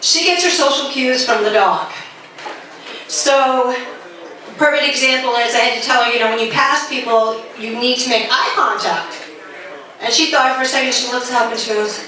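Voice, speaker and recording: A woman in her fifties doing stand-up comedy with brash, self-mocking punchlines and quick asides to the crowd, recorded from afar in an echoey club. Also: fairly high pitch, pushed and bright. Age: 50s. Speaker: stand-up comic. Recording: echoey room from far off.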